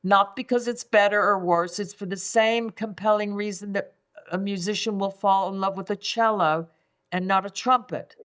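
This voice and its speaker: A woman's voice: mid-range voice, steady tone, moderate pace, a bit bright. An older woman from England speaking as a podcast guest, reflective and prone to repeating words as she searches for them. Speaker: guest, five element acupuncturist. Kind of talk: conversational podcast interview.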